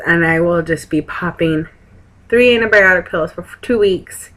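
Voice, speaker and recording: A woman's voice: fairly low pitch, unhurried, a bit bright, rough recording. A young woman, chatting frankly to camera at a friend's house, rambling with sarcastic asides. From Texas. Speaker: vlogger. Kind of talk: casual chat to camera.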